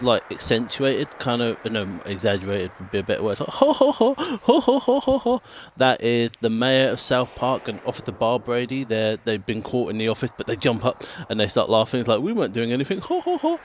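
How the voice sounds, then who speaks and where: A man's voice: mid-range voice, a little hiss or hum. A British man streaming a game and chatting casually in a rambling way, swearing now and then and mimicking sound clips. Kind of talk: casual chat while gaming.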